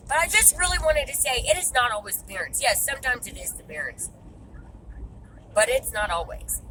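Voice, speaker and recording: A frustrated woman vents straight to camera, cursing without a filter. Her voice sits a little high. Steady traffic and outdoor noise carry clearly behind her, as if she is recording in or beside a car. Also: poor audio. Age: 30s. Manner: blunt, swears freely, exasperated. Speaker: vlogger and mother. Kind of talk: venting to camera.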